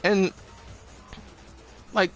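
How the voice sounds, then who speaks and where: A man's voice: extremely slow, fairly bright tone, soft background music. A young man streaming a game, rambling profanely with lots of restarts and laughs. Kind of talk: casual commentary while gaming.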